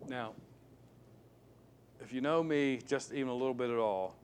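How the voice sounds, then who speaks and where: A male pastor preaching a sermon, emphatic and repetitive, swinging between loud stresses and hushed asides. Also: mid-range voice, moderate pace, slight background noise. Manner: repeats key words for stress.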